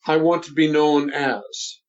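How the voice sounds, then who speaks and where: A man in his seventies, a voice coach, talking in a deliberate and emphatic instructive way during an interview. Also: on the high side, steady tone. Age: 70s. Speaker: voice coach guest. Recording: dull lo-fi sound.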